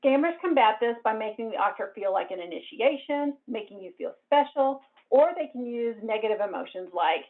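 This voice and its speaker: A woman presenting a cybersecurity talk in a clear, explanatory way. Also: fairly high pitch, lively intonation, a little fast. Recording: narrow phone-like band.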